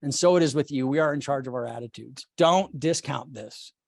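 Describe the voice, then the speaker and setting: A man's voice: medium pitch, a little fast, gravelly, darkish tone, no room sound, clean studio sound. A man leading a sales team meeting over a video call, blunt and swearing casually.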